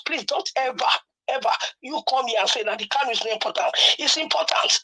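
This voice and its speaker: Upset Nigerian woman caller, husky and bright. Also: high-pitched, quick pace, rough recording. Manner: upset, emotional, pleading. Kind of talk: angry call-in speech.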